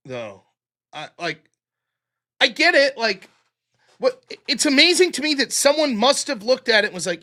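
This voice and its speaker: Male stream host, high bright voice, sarcastic and profane, loose rambling delivery. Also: very animated, normal speed, long pauses. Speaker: show host. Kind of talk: livestream chat reading donations.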